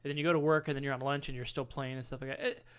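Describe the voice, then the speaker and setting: A man's voice: medium pitch, fairly even intonation, rapid-fire, fairly bright tone, clean tone. A man co-hosting a casual podcast, telling stories and teasing his friends. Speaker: podcast co-host. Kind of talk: casual chat.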